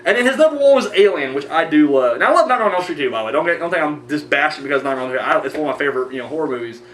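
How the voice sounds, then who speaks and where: On a horror movie review show, the male host speaks at a racing pace, his voice on the high side with lively intonation and a fairly bright tone. His casual talk rambles, turns profane, and keeps restarting. A distant mic picks him up in a roomy space, with a faint hum underneath.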